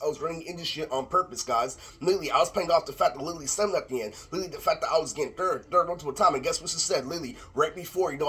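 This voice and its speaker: A man's voice: fairly high pitch, fairly bright tone, breathy edge. A man delivering a rambling, profane rant to camera, repeating the same filler word constantly, recorded on a laptop microphone. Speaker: vlogger. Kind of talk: ranting monologue to camera.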